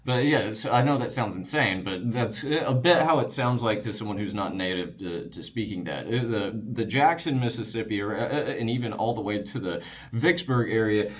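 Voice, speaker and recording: Male, Alabama Wiregrass Southern accent, lower pitch, casual rambling explainer. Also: normal speed. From Wiregrass region of Alabama. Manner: relaxed, rambling, with frequent fillers and restarts.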